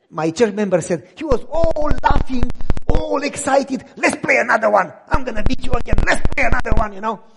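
A man preaching a sermon as a story, acting out the lines of the people in it with big swings between loud and soft. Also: breathy edge. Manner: acts out dialogue with big swings in loudness and pitch. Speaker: pastor. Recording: long reverb in a large hall.

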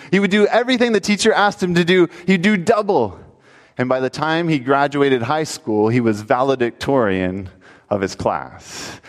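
The voice is male and on the high side, heard in a large hall. He's a pastor preaching, telling a story animatedly before rising into emphatic calls to the people in the pews.

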